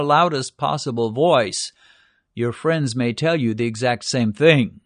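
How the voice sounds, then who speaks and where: A man's voice: mid-range voice, dry recording. Earnest older man, dry close sound. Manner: measured, earnest Bible exposition. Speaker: preacher. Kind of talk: recorded devotional teaching.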